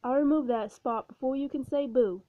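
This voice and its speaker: A woman voicing a calm, cheerful male panther who stays polite and unbothered. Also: high-pitched, normal speed, dry recording, close to an everyday voice. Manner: unflappable and polite. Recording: dull, dry recording.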